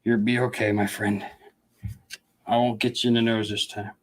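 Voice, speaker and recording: A man's voice: on the low side, level tone, moderate pace. A middle-aged man from the Upper Midwest who breeds reptiles and hosts his own channel. He talks casually in a vlog, chats to his snakes as he handles them and laughs often.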